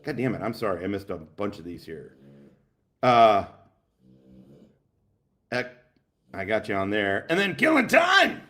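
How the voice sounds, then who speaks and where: A man hosting a livestream, reacting to a clip with loud, profane, laughing commentary and shouting out donors. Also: on the low side, a little slow, long pauses. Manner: loud, laughing, swearing, animated. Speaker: livestream host.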